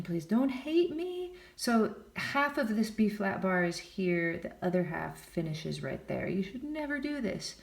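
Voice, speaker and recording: This piano teacher has a mid-range, darkish voice with vocal fry. In a room with a piano, she leads a relaxed jazz lesson, counting beats, scatting lines, and tossing in chatty self-deprecating asides, recorded in echoey acoustics with piano beneath.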